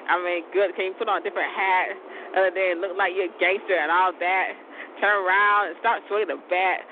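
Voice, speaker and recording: A man's voice: fairly even intonation, a little fast. A man hosting his own show in a loose, rambling chat, laughing often and cursing mildly. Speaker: show host. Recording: tinny phone-like audio with vehicle rumble.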